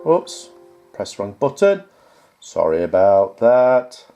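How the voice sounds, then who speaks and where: This YouTuber's voice is lowish and mellow, moving slowly with big swings in pitch over faint background music. Speaking casually to camera, he reads viewer comments aloud and knocks them down one by one with sarcastic exasperation.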